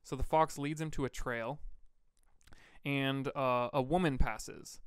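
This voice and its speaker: Man, podcast co-host, rambling storyteller, very smooth voice, dry close sound. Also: mid-range voice, fairly even intonation, slow, no echo. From Vermont. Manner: rambling, laid-back storyteller with fillers. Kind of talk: casual storytelling chat.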